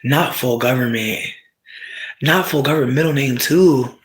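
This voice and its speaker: Streamer chatting with viewers: brash, profane, animated, prone to loud shouting bursts, mid pitch. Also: unhurried. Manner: asides to the audience. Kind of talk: casual storytelling chat.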